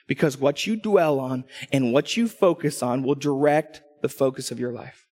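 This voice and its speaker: A man from Texas preaching a sermon as pastor, animated and storytelling, acting out what people say. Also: medium pitch, moderate pace. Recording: long hall reverb.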